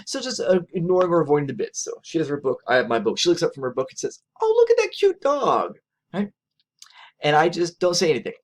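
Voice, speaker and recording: Guy lecturing, chatty and animated, voice jumps all over, keeps saying right?. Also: rapid-fire, hardly any pauses. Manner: animated, conversational, acts out quotes in a higher voice; frequent "right?" tag questions. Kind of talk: recorded lecture.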